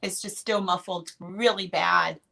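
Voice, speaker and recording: A woman hosting a casual live video-call chat show, bubbly and quick with laughs and asides. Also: on the low side, steady tone, gravelly, pushed and bright. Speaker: host.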